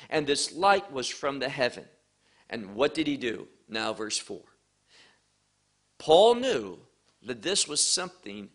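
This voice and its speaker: Guy preaching through bible verses, slow and emphatic, bright tone. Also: fairly high pitch. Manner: emphatic, deliberate, stresses key words. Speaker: Bible teacher. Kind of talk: verse-by-verse sermon teaching.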